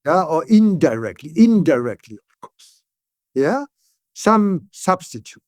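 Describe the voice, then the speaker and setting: A neuroscientist guest speaking as an English speaker, explaining ideas in calm conversation and often checking in with "yeah?". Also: male voice, on the high side, dry recording. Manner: tag "yeah?" questions, frequent restarts, calm and deliberate.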